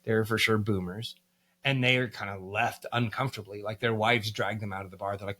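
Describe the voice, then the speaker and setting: A man's voice: on the low side, brisk, fairly bright tone. An American man, a band musician, telling stories in a casual podcast interview, candid and profane, with plenty of fillers. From United States.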